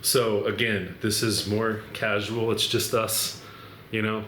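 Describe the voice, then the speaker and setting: A man's voice: on the low side, level tone, slow pace, fairly bright tone, slight background noise. A man hosting a podcast, chatting loosely and jokingly with guests and reading prepared text aloud. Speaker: podcast host, sports mental coach. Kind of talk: casual chat. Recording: echoey room.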